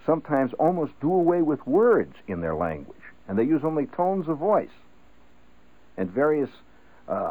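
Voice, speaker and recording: A man telling a rambling, conversational story with frequent asides, heard over a tinny radio broadcast. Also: fairly low pitch. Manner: conversational, digressive, asides like "see?". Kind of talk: rambling spoken-word storytelling.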